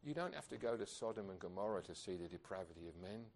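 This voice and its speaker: A man's voice: sits low, expressive, quick pace, a little mellow, a little hiss or hum. Earnest male preacher, emphatic. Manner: earnest, emphatic, with rhetorical questions. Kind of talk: sermon.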